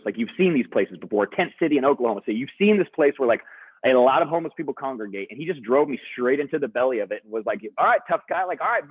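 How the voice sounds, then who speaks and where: Brief: young male motivational speaker, quick and chatty, fillers galore, husky over a dry tinny call line. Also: medium pitch, no room sound. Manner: energetic, chatty, lots of "like". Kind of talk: storytelling talk to students. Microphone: video call. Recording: dry, husky, phone-like video call audio.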